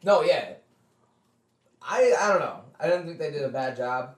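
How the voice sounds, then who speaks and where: A laid-back, joking man co-hosting a podcast, with a slightly high, lively voice. His voice bounces around an echoey room. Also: moderate pace. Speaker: podcast co-host. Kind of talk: casual chat. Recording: roomy echo.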